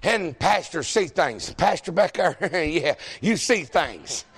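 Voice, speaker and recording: A pastor, preaching a folksy, joking sermon that builds to shouting. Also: male voice, fairly high pitch, lively intonation, slow pace, vocal fry, husky.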